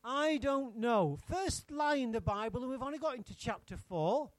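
A man's voice: very high voice, lively intonation, a little fast, dry recording. A man preaching an interactive sermon, teasing his congregation by name and firing questions at them.

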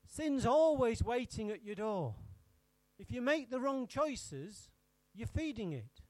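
A man's voice: very high-pitched, big pitch swings, takes it slowly, dark tone, no room sound. A man preaching an interactive sermon, teasing his congregation by name and firing questions at them.

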